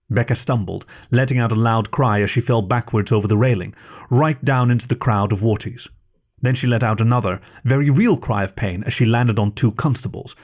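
A man with a fairly low voice narrates an action story in a steady, measured manner. His scripted reading keeps an even pace through the scenes.

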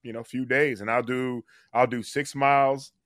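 A man giving a casual radio interview as a guest, earnest and heartfelt, his voice dropping softer on serious points. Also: medium pitch, steady tone, normal speed, no room sound, studio quality. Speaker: guest, former player.

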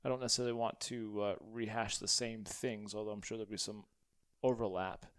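A young adult man hosting a podcast and interviewing his father, playful and quick to laugh. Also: fairly low pitch, steady tone, fairly bright tone, smooth, no room sound. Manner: playful, laughs often, upbeat. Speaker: podcast host.

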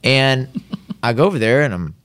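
A man telling a long, animated story as a guest on a talk show, slipping into the voices of the people in it. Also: medium pitch, clear, resonant tone, dry recording. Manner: animated, drawn-out storyteller who slips into quoted voices. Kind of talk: casual storytelling.

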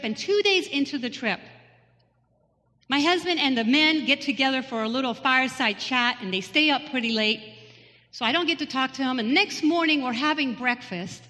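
Woman, testimony sermon, high voice, earnest storytelling, reverberant church hall. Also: sharp tone. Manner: earnest storytelling with rhetorical questions to the congregation. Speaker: lay speaker giving a testimony. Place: church sanctuary.

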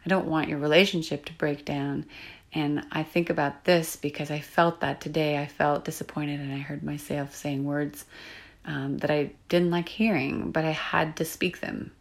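Low, gravelly-voiced woman coach. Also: little pitch movement, normal speed. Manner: soft-spoken, confiding, drifts into whispers. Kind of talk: reflective solo podcast monologue.

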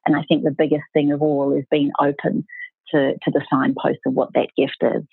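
Woman guest, husky gravelly voice, flat delivery, phone-like audio. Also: low-pitched, a little fast, no room sound. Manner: earnest, emphatic, with frequent restarts. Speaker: author and podcast guest. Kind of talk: reflective storytelling in an interview.

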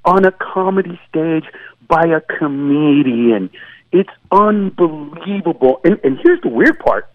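A man's voice: fairly high pitch, lively intonation, measured pace. A man, a comedian guest, telling jokes in an emphatic, stammering way, acting out voices, heard over a tinny phone line. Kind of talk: animated comedic storytelling.

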